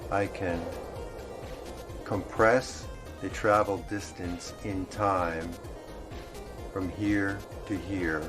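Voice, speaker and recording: An actor playing a grandiose man who boasts of bending time, speaking in slow, solemn declarations from a film. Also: sits low, steady tone, music in the background. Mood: solemn boasting. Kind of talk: film dialogue.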